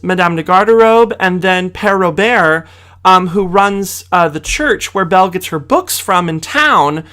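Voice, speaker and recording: A man's voice: high-pitched, bright, forceful tone. A man giving a casual video review of a film, chatty and gushing, with theatrical asides.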